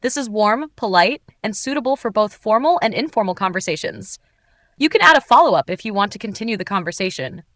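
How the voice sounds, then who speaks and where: Woman, English lesson narration, bright tone, very lively pitch, dry close mic. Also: brisk, no echo. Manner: upbeat, clearly articulated, expressive. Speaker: English teacher.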